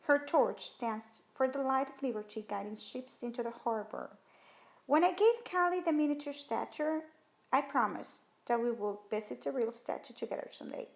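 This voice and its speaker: Woman thinking aloud through a lesson. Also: high-pitched. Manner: thinking aloud, rereading sentences slowly. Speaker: teacher. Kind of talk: recorded test-prep lesson. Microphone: tablet whiteboard screen recording.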